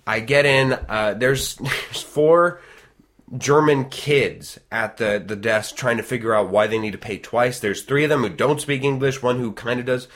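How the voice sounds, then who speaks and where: An ordinary mid-range male voice, neither high nor low. He tells his story in loose, animated casual chat, piling up clauses and restarting sentences. He acts out what others said along the way. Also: unhurried. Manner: animated, rambling, frequent restarts, acts out quoted dialogue.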